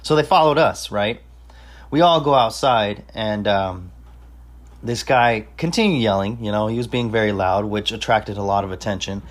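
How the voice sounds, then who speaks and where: A man's voice: fairly low pitch, moderate pace. A young man telling a party story in casual chat, swearing freely and bragging, with street slang. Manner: profane, boastful, street slang. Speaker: podcast host telling a story.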